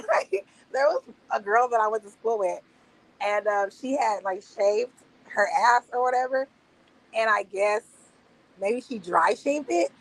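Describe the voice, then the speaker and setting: A woman in her thirties streaming, telling casual stories in a profane, laughing, animated way. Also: fairly high pitch, measured pace, low-quality recording. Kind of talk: casual storytelling monologue. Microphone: streaming mic.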